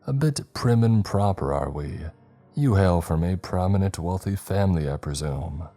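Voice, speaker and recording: A man's voice: a bass voice, normal speed, mellow, faint music behind. A man voicing a cocky young patient in his late twenties who mocks and huffs. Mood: mocking. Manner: mocking, huffy.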